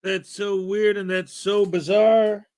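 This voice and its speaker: A man's voice: high-pitched, flat delivery, slow pace, darkish tone. A man hosting a casual morning live stream, chatty and self-deprecating as he greets viewers.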